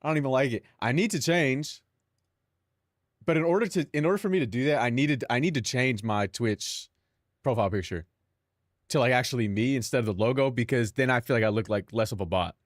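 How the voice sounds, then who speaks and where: A man's voice: mid-range voice, brisk, no room sound, studio quality. A young man streaming live, rambling casually to his chat and himself, swearing freely.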